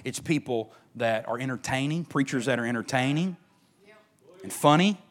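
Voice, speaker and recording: A middle-aged man, preaching a sermon as pastor, swinging between emphatic rises and hushed near-whispers. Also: mid-range voice, normal speed.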